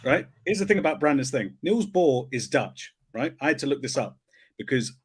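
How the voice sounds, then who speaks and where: A man's voice: medium pitch, normal speed, slightly rough. A man, a film critic guest chatting enthusiastically and laughing between points. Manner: animated, enthusiastic, laughs a lot, does voices. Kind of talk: casual film-review chat.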